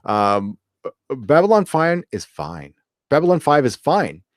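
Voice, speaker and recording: A man's voice: medium pitch, big pitch swings, a little slow. A man hosting a live stream, reading viewer comments and rambling casually with lots of fillers, restarts and swearing. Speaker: host of a live chat show.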